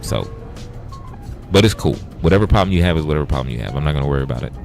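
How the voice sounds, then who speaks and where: A man's voice: rumbling low, animated, very fast, gravelly, darkish tone, faint music behind. A man hosting a casual livestream, bluntly retelling an argument with profanity and quoted back-and-forth. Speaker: livestream host.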